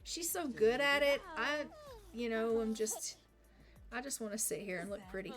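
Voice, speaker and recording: A woman's voice: a little high, normal speed, music in the background, close to an everyday voice. A woman voicing a lazy adult husband who whines his way out of chores. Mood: whiny excuses. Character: lazy grown man, a husband dodging chores.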